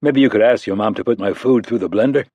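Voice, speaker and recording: A man's voice: on the low side, quick pace, warm tone, dry recording, muffled recording, lightly acted. A man voicing a hardened male covert operative who answers in terse, clipped lines. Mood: dry.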